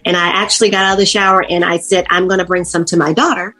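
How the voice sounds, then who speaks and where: A middle-aged woman tells her story as a guest in a relaxed interview. She is animated and acts out her own past lines as she goes. Her voice is a touch husky, with soft music in the background. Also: on the low side, quick pace. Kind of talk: casual interview, personal story.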